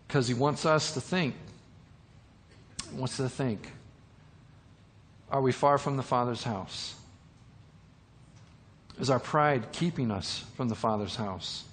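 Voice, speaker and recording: A man's voice: mid-range voice, big-room sound. A man preaching a sermon, retelling a parable with repeated words and rhetorical questions.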